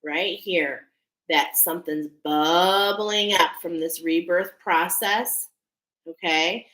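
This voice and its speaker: A woman's voice: fairly low pitch, takes it slowly, a bit bright. Earnest lady doing a card reading, keeps saying okay?, roomy echo. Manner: earnest, emphatic, repeats "okay?" often. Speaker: oracle card reader. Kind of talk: spiritual card reading to viewers.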